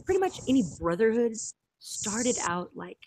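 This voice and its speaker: A woman's voice: a little high, very animated, normal speed, darkish tone, a little hiss or hum. A woman in a rambling casual chat, giggling and interrupting herself often. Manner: giggly, meandering, with frequent self-interruptions. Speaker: host.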